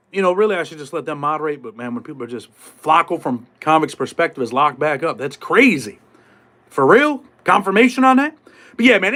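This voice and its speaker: A man with a high-pitched voice talks casually on his live stream. His speech is streetwise and full of swearing. He acts out the voices of people from prison life as he goes. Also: a bit bright. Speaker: podcast host.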